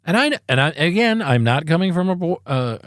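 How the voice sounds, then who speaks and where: A man's voice: a little high, very animated, a little fast, fairly bright tone, no echo, studio quality. A man hosting a casual solo podcast, speaking emphatically and in a preachy way into a podcast microphone. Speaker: podcast host.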